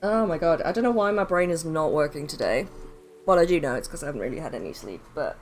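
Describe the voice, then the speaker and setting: Woman, live-stream gameplay chat, animated pitch, self-deprecating, swears casually, faint music behind. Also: fast talker. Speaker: streamer playing a game.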